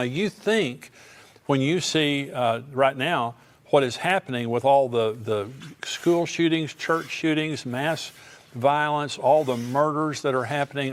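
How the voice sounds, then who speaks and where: An older man preaching a sermon on prophecy, reading scripture aloud and then explaining it in plain, conversational asides. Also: medium pitch. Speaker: pastor.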